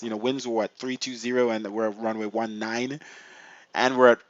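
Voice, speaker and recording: This flight-sim streamer talks a little fast at a medium pitch, giving casual commentary to viewers and muttering excitedly while clicking through menus. The recording is muffled but has no echo.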